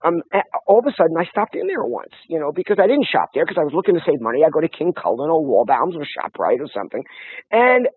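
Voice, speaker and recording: A man telling stories in casual conversation, animated and full of restarts. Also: on the high side, quick pace, husky, no echo. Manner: animated storytelling with many restarts. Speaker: guest. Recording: tinny phone-line sound, dry.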